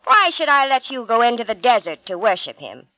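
A woman's voice: on the high side, sing-song, fairly quick, bright, forceful tone, no echo, poor audio. A woman voicing a proud, scornful male king in a storybook reading, asking questions with disdain.

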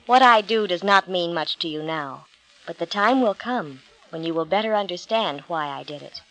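A woman reading the lines of a gentle, solemn male teacher in a storybook Bible tale, in a measured and calm way. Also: on the low side, voice pushed down, poor audio.

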